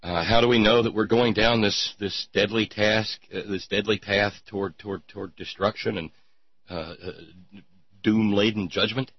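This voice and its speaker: A man's voice: fairly low pitch, fairly even intonation, moderate pace, husky, no echo. A man hosting a sarcastic commentary show, rambling with lots of fillers. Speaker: host. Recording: dull lo-fi podcast mic.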